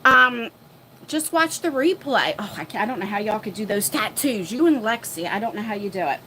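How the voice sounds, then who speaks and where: A woman hosting a casual livestream chat from her phone, flustered and chatty as she thinks out loud. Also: medium pitch, expressive, fairly quick, a little hiss or hum. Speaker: livestream host. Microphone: phone mic.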